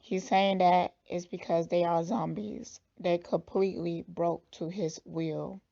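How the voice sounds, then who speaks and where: A woman reader giving slow, thoughtful, blunt commentary on a clip in a casual way. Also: fairly low pitch, fairly even intonation, vocal fry, mellow, lo-fi sound. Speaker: spiritual reader reacting to a clip.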